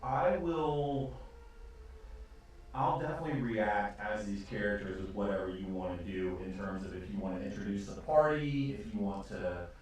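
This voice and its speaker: A man's voice: lowish voice, normal speed, a little mellow. A man running a tabletop game as game master, describing scenes in a rambling, hesitant way with many fillers. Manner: rambling, hesitant, full of ums. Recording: echoey room, distant mic, faint noise.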